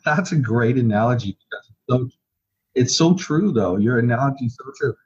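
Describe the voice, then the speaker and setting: A male podcast co-host chimes in with short, agreeable remarks. His voice is husky and swings lively in pitch. The recording sounds dull and lo-fi. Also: moderate pace. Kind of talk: casual chat.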